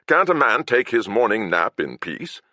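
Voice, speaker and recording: A man's voice: fairly low pitch, big pitch swings, moderate pace, sharp tone, no room sound, voice pushed up. A man putting on the voice of a foppish, dainty male noble with an affected, prissy manner.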